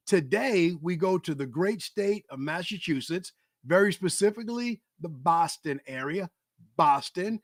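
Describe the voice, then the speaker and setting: A man hosting a live podcast, energetic and emphatic, repeating phrases for effect as he welcomes viewers and interviews a guest. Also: sits high, no room sound, studio quality. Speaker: podcast host.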